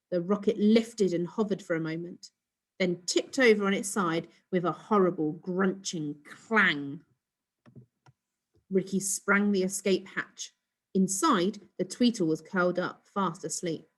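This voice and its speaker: A woman reading a children's storybook aloud in an expressive, steady storytelling voice. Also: on the low side. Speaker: storybook reader.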